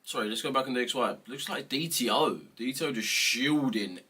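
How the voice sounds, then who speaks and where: A man's voice: mid-range voice, a little fast, bright, forceful tone, slightly rough. A man hosting a trading livestream, chatting casually, bluntly and playfully, with lots of swearing.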